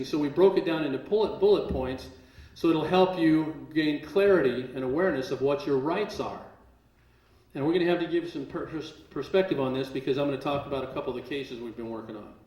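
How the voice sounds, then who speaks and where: A man presenting a live seminar to an audience, casual and joking, then forceful and emphatic as he makes his points. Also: a little high, reverberant, low-quality recording.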